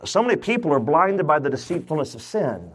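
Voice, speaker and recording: A man's voice: on the high side, big pitch swings, fairly quick, a bit bright, husky. A man preaching a sermon, asking his congregation questions and joking as he goes. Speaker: pastor. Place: church.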